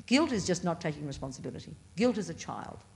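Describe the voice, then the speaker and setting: Woman teaching buddhism to a class, lowish voice, punchy and blunt, jumps up on key words. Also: very animated, quick pace, vocal fry. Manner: emphatic, blunt and playful; pitch leaps up on stressed words. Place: meditation center classroom.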